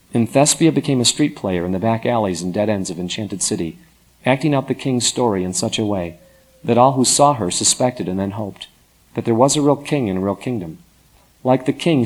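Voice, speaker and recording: A man narrating a story in an expressive, dramatic storytelling manner. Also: on the low side, breathy edge.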